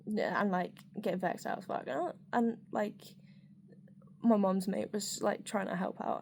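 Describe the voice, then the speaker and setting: A woman's voice: mid-range voice, normal speed, gravelly, a little mellow. A woman speaking straight to camera in a rambling, candid personal monologue, with lots of fillers and casual swearing.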